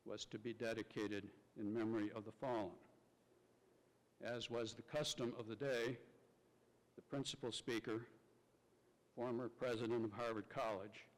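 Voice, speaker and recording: Man, mid-pitched, stately formal speaker; hall reverb. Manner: measured and stately. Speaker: ceremony speaker. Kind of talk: formal ceremonial narration. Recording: large hall with long reverb.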